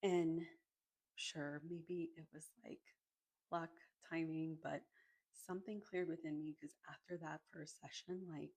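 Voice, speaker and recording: A woman's voice: low-pitched, level tone, a little slow, darkish tone. A woman from Arizona, an energy healer, telling her own story to the camera in a chatty, casual way, full of "like" and the odd swear word, speaking into a microphone. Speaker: energy healer and Reiki practitioner. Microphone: microphone in front of her.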